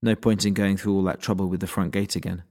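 A man narrating an audiobook in a measured, dryly wry storytelling manner. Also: sits low, flat delivery, a little mellow.

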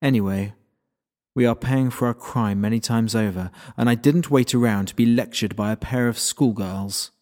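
A man voicing a stern female magician who speaks in a cool, measured and commanding way. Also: medium pitch, a little mellow, lightly acted.

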